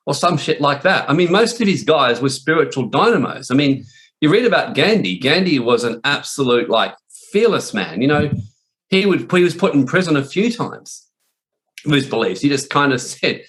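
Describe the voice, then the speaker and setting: A man's voice: on the high side, sing-song, moderate pace, fairly bright tone. A man teaching on spiritual warfare in a blunt, profane, rambling way, full of restarts. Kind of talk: informal preaching talk.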